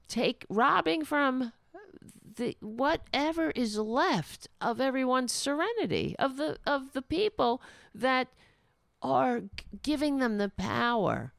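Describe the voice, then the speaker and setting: A woman's voice: fairly high pitch, vocal fry, no echo, clean studio sound. A middle-aged woman hosting a show, giving indignant, sarcastic political commentary. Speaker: host.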